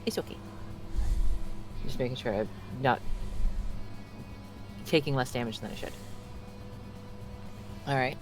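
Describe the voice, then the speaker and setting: A man's voice: medium pitch, a little slow, pauses often, over music. A man playing a tabletop game, chatty and apologetic, double-checking the rules as he rolls. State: clearing throat, choking on mucus. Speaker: player. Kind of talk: casual tabletop play.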